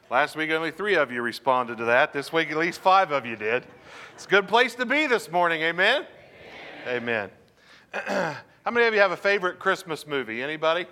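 A man's voice: sits high, bright, forceful tone. A man preaching a sermon as pastor, drawing the congregation in with questions and call-and-response. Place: church sanctuary.

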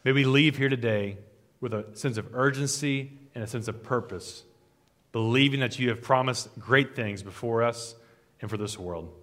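Pastor preaching in a reverberant hall. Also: male voice, medium pitch, normal speed. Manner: earnest, rhythmic repetition, trailing off softer at phrase ends. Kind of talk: sermon and closing prayer. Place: church sanctuary.

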